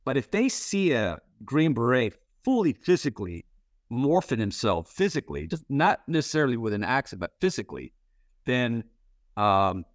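A man's voice: medium pitch, very animated, normal speed, dry recording, studio quality. A man giving acting advice in a casual interview, rambling and full of restarts. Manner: candid, swears casually. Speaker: interviewer, playwright and actor.

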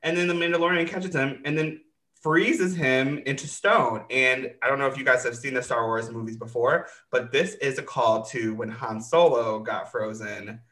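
A man's voice: medium pitch, moderate pace, echoey room. A man hosting a casual recap chat, swearing freely and acting out the characters as he retells scenes. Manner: animated, swearing, acts out characters. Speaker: podcast host recapping a show.

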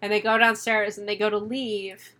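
A woman co-hosting a casual movie review, retelling the plot in an animated way and acting out the characters' lines. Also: medium pitch, normal speed. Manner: animated retelling with laughs and acted-out quotes. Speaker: podcast co-host.

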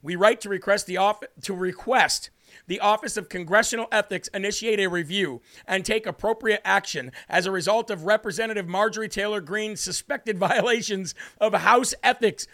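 High-voiced combative male commentator. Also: normal speed, pushed and bright. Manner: combative, mocking, emphatic. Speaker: host. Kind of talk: political commentary.

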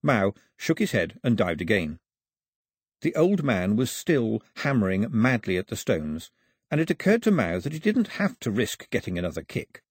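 A man narrating an audiobook with expressive storytelling. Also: on the low side, moderate pace, husky, no room sound, clean studio sound.

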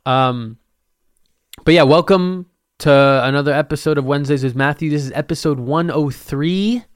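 A man's voice: a little high, fairly quick, no echo, clean studio sound. Rambling, jokey young man podcasting solo. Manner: rambling, jokey, self-mocking, with sudden loud bursts. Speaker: podcast host.

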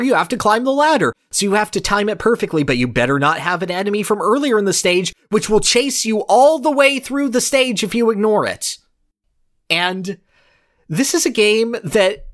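A man's voice: high-pitched, fairly bright tone. A man co-hosting a podcast, telling a comically dramatic, building story about a game and then discussing it casually. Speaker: podcast co-host.

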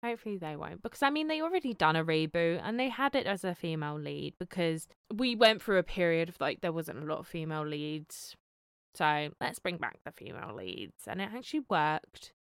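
A woman's voice: low voice, very animated, a little fast, clear, resonant tone, dry recording, clean studio sound. A woman co-hosting a horror podcast, chatting casually and rambling with lots of "you know" and "like". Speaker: podcast co-host. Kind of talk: casual chat.

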